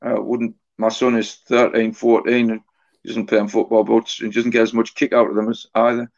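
Middle-aged man telling halting anecdotes. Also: mid-range voice, flat delivery. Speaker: author and interview guest. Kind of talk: casual podcast interview. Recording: dull lo-fi podcast audio.

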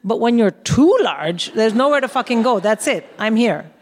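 A woman's voice: a little high, moderate pace. Wry woman telling a comic story. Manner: animated, wry, acts out dialogue. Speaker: comedian co-host. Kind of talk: stand-up storytelling. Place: live theatre stage.

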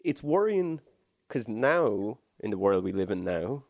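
A man with a very low, gravelly voice rambling through a casual chat with quick asides. The sound is close and dry, with no room behind it. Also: very animated, darkish tone, dry recording.

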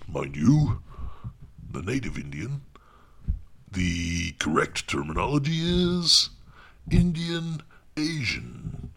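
A man in a deadpan comedy monologue, talking awkwardly and defensively as an audiobook narrator, often dropping into hushed asides. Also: on the low side, vocal fry, slightly rough.

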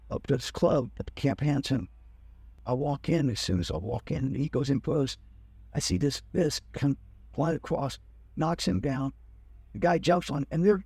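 A man's voice: medium pitch, vocal fry, a little mellow, slightly rough, dry recording. An older man telling a rambling personal story in casual talk, acting out the people he quotes. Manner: rambling, acts out quoted officers. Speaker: guest telling his life story.

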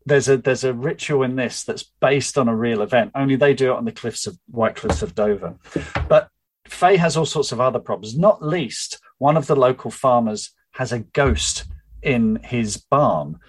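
A man's voice: medium pitch, normal speed, poor audio. A middle-aged man, the book's author, chatting upbeat about his novel and then reading from it aloud. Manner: chatty and upbeat, with small restarts.

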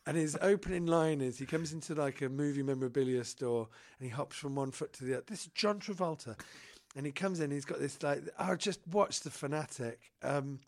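Rambling, gravelly man. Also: a little high, fairly quick. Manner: rambling, excitable, laughs while telling stories. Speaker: podcast co-host. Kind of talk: casual chat.

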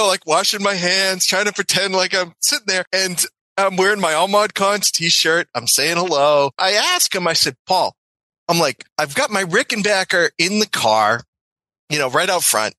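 A man from the United States, a guest telling a story in an animated way, acting out voices and laughing as he goes. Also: sits high, moderate pace, dry recording, poor audio. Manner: excitable, acts out voices, laughs mid-story.

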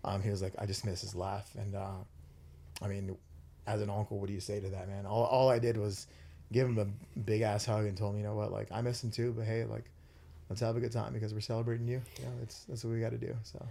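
Husky man in casual podcast chat. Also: on the low side, level tone, quick pace, dark tone. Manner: earnest, rambling, many fillers. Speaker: podcast host.

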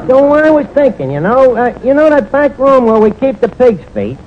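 A man with a very high voice and big pitch swings talks at a normal speed, playing a brash, wisecracking tavern manager in a 1940s radio sitcom. He rambles, fumbling and boastful, full of fillers and mangled words. The recording is a dull, noisy 1940s radio transcription.

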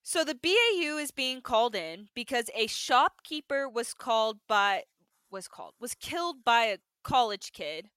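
Her voice sits fairly high, clear and resonant, at a moderate pace on a dry recording. She's a young podcast co-host energetically recounting a TV episode in casual conversation, peppering it with lots of "like."

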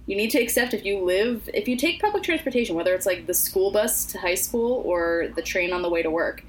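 A young woman co-hosts a laid-back podcast, chatting eagerly and earnestly with lots of "you know" and "like." Her medium-pitched voice is animated and fairly quick, with a bit of background noise.

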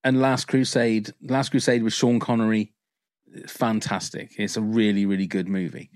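A man's voice: on the low side, level tone, normal speed, a little mellow, no echo, clean studio sound. A man co-hosting a film podcast, rambling and enthusiastic as he chats, swearing casually. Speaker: podcast co-host. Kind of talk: casual chat.

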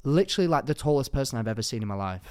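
A man's voice: medium pitch, lively intonation, rapid-fire, darkish tone, clear, resonant tone. A young man co-hosting a podcast, telling jokey, rambling stories in casual chat and jumping between topics. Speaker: podcast co-host.

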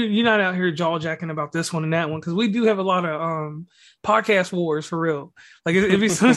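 Male podcast host, fairly high pitch, rambling slangy praise. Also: fairly bright tone. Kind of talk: casual interview talk.

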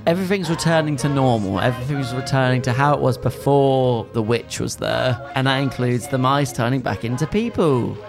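A woman co-hosting a casual film review chat, animated and incredulous. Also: extremely low pitch, brisk, gravelly, hardly any pauses, music in the background. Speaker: podcast co-host.

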